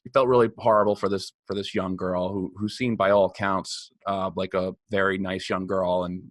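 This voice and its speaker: A man's voice: sits low, little pitch movement, moderate pace, no echo, clean studio sound. A young man co-hosting a podcast in casual chat, blunt and joking, laughing as he tells stories. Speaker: podcast co-host.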